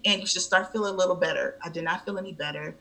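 Bright-voiced woman telling a personal story. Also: racing, low-quality recording. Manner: emphatic, repeats key phrases; animated, rising sharply in pitch when upset. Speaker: guest.

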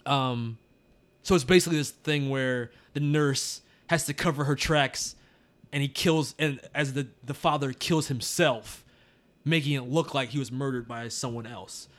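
A man's voice: mid-range voice, fairly even intonation, moderate pace. A man hosting a podcast, chatting casually about a movie, laughing often and talking loosely. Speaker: podcast host. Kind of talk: casual movie review chat.

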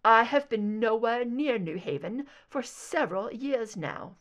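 A woman doing a smooth, evasive man. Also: fairly high pitch, animated, a little slow, a bit bright. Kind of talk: audiobook reading of fan fiction.

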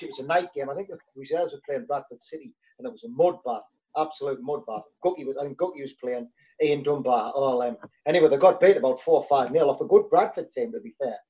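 Man, former footballer, mellow low tone, casual rambling anecdotes. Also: dull audio. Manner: rambling anecdotes with many fillers. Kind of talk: casual storytelling chat.

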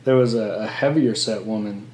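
A man's voice: lowish voice, fairly quick, a little mellow, slight background noise. A man in his late twenties co-hosting a podcast, joking and rambling in casual chat. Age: 20s. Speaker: podcast co-host. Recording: echoey room.

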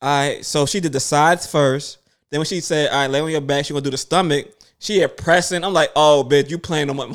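A man in his thirties telling a story in casual chat, animated and swearing freely, acting out other people's lines. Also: a little high, brisk. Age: 30s.

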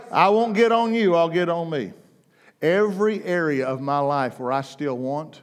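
A man preaching a sermon, impassioned, swinging between loud, soaring declarations and hushed, intense passages. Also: on the high side, normal speed. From United States.

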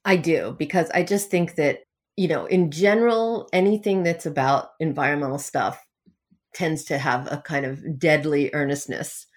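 A woman's voice: low-pitched, normal speed. A woman novelist answering interview questions in a casual, wry way, laughing now and then as she talks. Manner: wry, self-deprecating, laughs often. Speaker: novelist guest.

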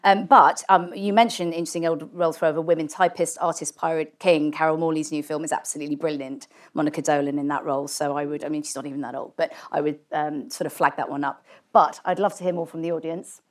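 A woman's voice: low-pitched, steady tone, quick pace. A woman hosting a live stage panel, moderating questions from the audience. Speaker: host.

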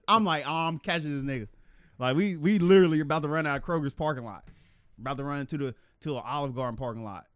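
A man telling a story animatedly in casual podcast chat, laughing and acting out quotes in a higher voice. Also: quick pace, fairly bright tone, clear, resonant tone, no room sound, clean studio sound. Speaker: podcast co-host.

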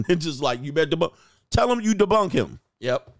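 Man, livestream host, brash, crude jokes, raised pitch, dry sound. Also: very animated, moderate pace, dry recording. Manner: brash, crude and joking, laughs often; talks straight to the chat. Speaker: relationship coach and show host. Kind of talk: livestream commentary.

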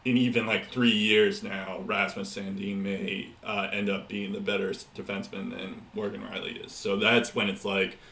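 A man's voice: on the low side, level tone, moderate pace, hardly any pauses, sharp tone, slight background noise. Rambling man in an echoey room. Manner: rambling, many fillers and restarts, laughs often. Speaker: podcast co-host. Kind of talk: casual hockey podcast chat.

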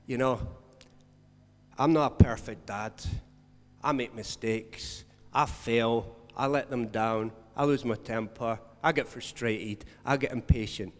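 Man, pastor, sermon, earnest, mid-pitched voice, loud stresses and soft lows, long hall reverb. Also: steady tone, slow pace.

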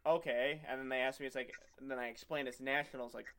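A man's voice: medium pitch, fairly even intonation, quick pace, a bit bright, slight background noise. Rambling young man joking about lifting. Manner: rambling, joking storyteller who acts out other people. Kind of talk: casual chat.

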